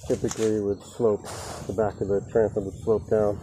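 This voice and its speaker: A man's voice: fairly low pitch, flat delivery, fairly quick. A man working on a boat repair, grumbling and cursing in rambling asides to the viewers while holding the camera in one hand. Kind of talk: casual work vlog. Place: outdoors at a boat under repair. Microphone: handheld camera held in one hand. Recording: clear outdoor background noise.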